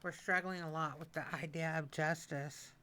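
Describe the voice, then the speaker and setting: A woman's voice: sits low, normal speed. A woman in her sixties giving a casual, emotional tarot reading, repeating key phrases and often stepping away from the mic. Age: 60s. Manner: animated, repetitive, emotional. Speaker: tarot reader. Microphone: mic that she moves away from at times.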